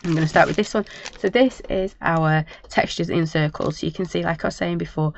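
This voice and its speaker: A woman hosting a live craft product demo, a little croaky and talking in a chatty, apologetic, rambling way. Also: on the low side, fairly quick, a little hiss or hum. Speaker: craft shop host. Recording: dull lo-fi sound.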